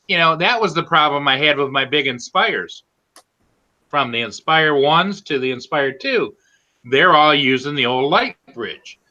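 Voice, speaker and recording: In a muffled recording, a man with a fairly high pitch talks at normal speed about flying drones. He's a co-host in a relaxed group chat, chatty and storytelling, acting out others' words.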